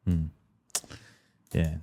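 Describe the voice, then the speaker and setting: A man co-hosting a casual podcast, with dry dark humour. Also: extremely slow, slight background noise. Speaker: podcast co-host. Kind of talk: casual banter.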